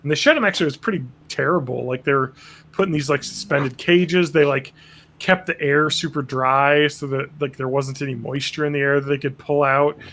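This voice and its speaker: Gravelly man rambling in a casual chat. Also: on the high side, brisk, fairly bright tone. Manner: rambling, crude jokes, acts out quotes. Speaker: podcast host. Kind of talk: casual chat recapping a cartoon episode.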